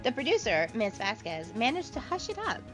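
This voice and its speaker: High-voiced, animated woman reading game lines. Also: a little fast, music in the background. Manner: dramatic, expressive line reading with sudden outbursts. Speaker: gameplay co-host reading dialogue aloud. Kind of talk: reading game dialogue in a charity stream.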